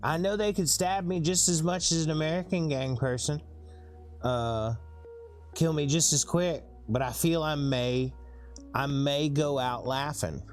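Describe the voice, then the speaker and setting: A man's voice: on the high side, fairly even intonation, measured pace, faint music behind. A man with a thick Southern US accent chatting casually with viewers on a live stream, laid-back and rambling.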